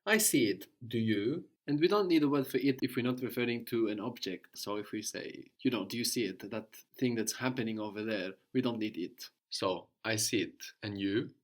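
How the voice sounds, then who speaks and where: A man with a lowish voice teaches a language lesson patiently, prompting his listener and frequently checking understanding with a quick "no?".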